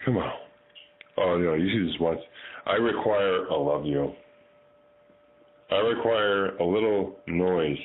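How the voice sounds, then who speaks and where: A man filming his pet bird at home, cooing and baby-talking to her in a singsong voice that swoops up high on repeated phrases. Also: animated, moderate pace, pauses often, slightly rough. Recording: tinny phone-like sound with mains hum.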